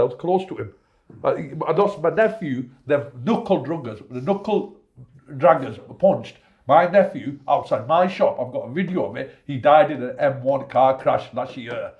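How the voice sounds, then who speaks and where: A man's voice: medium pitch, animated, moderate pace, a little mellow, lo-fi sound. A middle-aged man talking through family losses in a casual interview, heartfelt, repeating himself and dropping local slang. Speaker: interviewee, shop owner. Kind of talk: emotional casual conversation.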